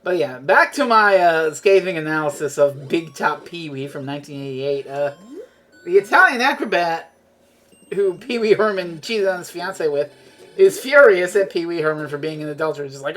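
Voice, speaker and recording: A woman's voice: sits low, lively intonation, moderate pace. A woman from Europe chatting casually while streaming a game, rambling, sarcastic and profane, often tripping over her words.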